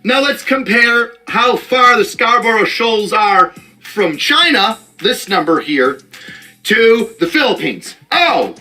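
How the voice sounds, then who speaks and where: A man's voice: high voice, sing-song, slow pace, sharp tone, faint music behind. A man giving sarcastic, mock-dramatic commentary on a news story.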